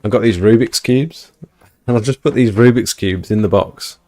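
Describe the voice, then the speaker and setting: Indoors at home, a livestream host tells his viewers a rambling, chatty story in casual fashion for the live chat. His voice is fairly low and mellow, at a moderate pace.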